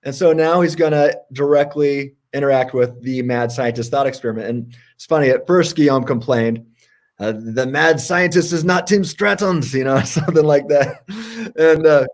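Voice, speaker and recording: A man co-hosts a casual livestream debate, his pitch leaping up as he presses his points. His tone is sarcastic and playful, and his voice sits at an ordinary pitch. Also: moderate pace. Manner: animated and sarcastic, jumps in pitch for emphasis. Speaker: co-host.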